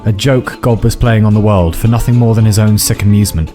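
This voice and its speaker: A man's voice: fairly low pitch, steady tone, a little fast. A man narrating a scripted fantasy story in a wry, dramatic way. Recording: faint background music.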